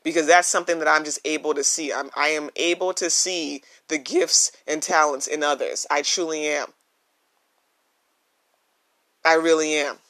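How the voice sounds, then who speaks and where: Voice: mid-range voice, steady tone, normal speed, few pauses, fairly bright tone. A podcast host talking earnestly and emphatically in a casual solo monologue, recorded on a phone with no microphone. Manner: earnest and emphatic, repeats key phrases.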